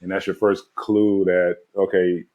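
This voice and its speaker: A man's voice: low voice, level tone, unhurried, dull audio. A man co-hosting a movie review chat, casually walking through scenes with lots of filler words. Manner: laid-back, recaps scenes with filler words. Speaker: podcast co-host.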